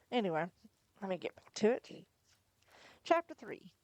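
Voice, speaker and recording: A woman reading a novel aloud on a livestream in first person, chatty between chapters, her voice going hoarse. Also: mid-range voice, unhurried, mellow, dry recording. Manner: chatty, laughs between asides. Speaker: livestream storyteller.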